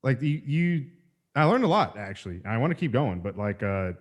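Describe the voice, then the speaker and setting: A man's voice: medium pitch, very animated, normal speed, highs cut off. A man hosting a podcast in casual chat, rambling and loose as he searches for his words. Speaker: podcast host.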